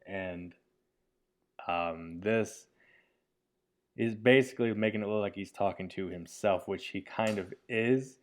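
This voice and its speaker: Guy with a lowish voice doing chill commentary on his own short film, rambly, laughs a lot. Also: unhurried, long pauses. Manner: rambling and enthusiastic, with frequent fillers and laughs. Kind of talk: casual commentary.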